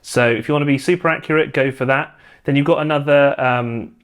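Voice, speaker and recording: A man teaching a guitar lesson, calmly talking through strumming patterns and chord shapes, stopping between explanations to demonstrate. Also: mid-range voice. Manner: relaxed, explaining step by step with pauses to play. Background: loud guitar playing between phrases.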